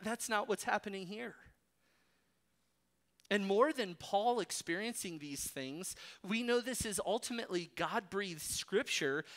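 Delivering an expository sermon, the preacher leans on rhetorical questions and direct exhortation, with firm emphasis throughout. His tone is fairly bright and his pitch sits in the middle.

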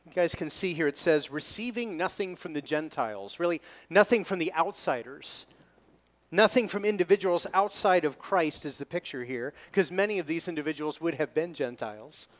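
A pastor preaching an expository sermon, leaning hard on key words and slowing down when he reads scripture. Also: a little high, animated. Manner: emphatic, slows down to stress scripture readings.

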